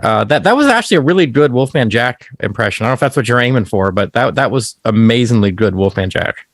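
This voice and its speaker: A man's voice: medium pitch, expressive, quick pace, dry recording, studio quality. A man co-hosting a comedy podcast, chatting casually and stammering on restarts. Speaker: podcast co-host.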